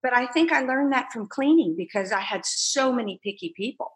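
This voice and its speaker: A woman entrepreneur telling her story in a casual interview, animated and laughing as she acts out quoted voices. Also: on the high side, a little fast. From United States. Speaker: entrepreneur guest.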